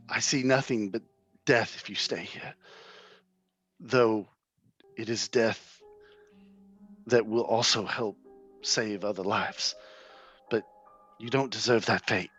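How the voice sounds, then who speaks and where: A man's voice: lowish voice, slow pace, long pauses, muffled recording, faint music behind. A man voicing a young female fortune-teller who speaks in a solemn, prophetic way.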